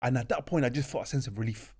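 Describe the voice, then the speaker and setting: A young man, co-hosting a podcast and telling a story in an animated, chatty way, often checking in with his listeners. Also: medium pitch, rapid-fire, slightly rough. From Birmingham, England. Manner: animated, chatty, peppers speech with "bro" and "do you know what I mean". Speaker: podcast co-host.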